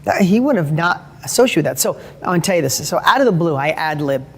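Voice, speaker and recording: A middle-aged man with a high-pitched voice gives an earnest motivational talk, telling family stories with frequent restarts and self-corrections. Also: lively intonation, fast, a bit bright, breathy edge. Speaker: motivational speaker.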